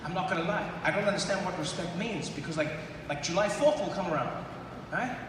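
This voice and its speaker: Animated comedian in a huge echoey arena. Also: male voice, sits high, brisk. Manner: animated, slips into voices and sung bits. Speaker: stand-up comedian. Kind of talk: stand-up comedy. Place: large arena on stage. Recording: echoey arena from far off, noisy. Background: crowd laughter.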